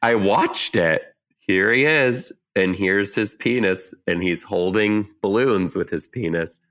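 Young man, podcast co-host, slightly low voice, animated, joking. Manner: animated, jokey, quick asides. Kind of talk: casual chat.

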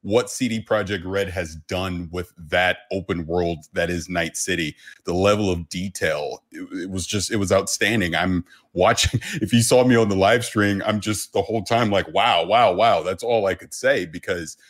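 A man's voice: deep voice, normal speed, few pauses, fairly bright tone. A man appearing as a guest on a casual podcast, talking with effusive enthusiasm.

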